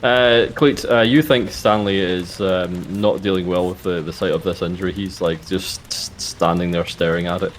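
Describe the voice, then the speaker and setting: A man as game master narrating a tabletop game, relaxed with many fillers. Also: deep voice, normal speed, few pauses, slight background noise.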